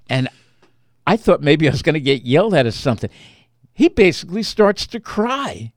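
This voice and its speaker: A man tells a story in an animated way, his voice swinging widely up and down in pitch. He often repeats words as he restarts a thought. The sound is close and dry, with no room echo. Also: moderate pace. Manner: animated storyteller who acts out quotes. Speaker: author and interview guest. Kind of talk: emotional personal storytelling.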